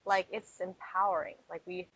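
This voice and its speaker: A woman's voice: fairly low pitch, flat delivery, moderate pace, a bit bright, breathy edge, muffled recording. A woman fitness coach in casual podcast chat, talking with many fillers like "like" and "you know".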